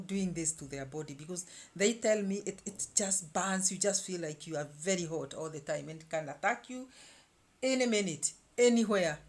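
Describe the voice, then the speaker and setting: A woman in her fifties talking casually to camera as a vlogger, animated, with many repeated words and restarts. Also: on the low side. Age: 50s.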